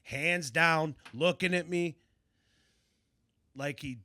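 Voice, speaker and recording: Man, young to middle-aged fishing guide; storytelling podcast guest, lively, bright and dry. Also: fairly high pitch, slow pace, no echo. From Illinois. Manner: animated, acts out shouted quotes. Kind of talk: casual storytelling.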